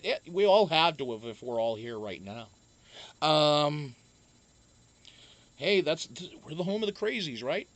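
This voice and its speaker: Profane, joking livestream host with a lively voice. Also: mid-range voice, a little slow, pauses often, dry recording. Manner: profane, joking, laughs often, trails off with ums. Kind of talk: casual livestream chat, reading viewer comments.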